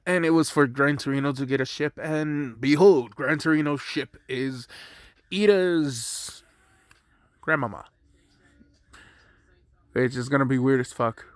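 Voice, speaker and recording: A man's voice: mid-range voice, measured pace, pauses often, dry recording, studio quality. A man casually narrating a fan-made story, rambling, correcting himself, and swearing freely.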